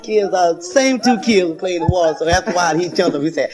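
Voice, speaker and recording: A man's voice: high voice, quick pace, hardly any pauses, over a noisy crowd. A man doing a folksy stand-up comedy routine, telling stories and laughing at his own jokes. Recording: noisy vintage live recording.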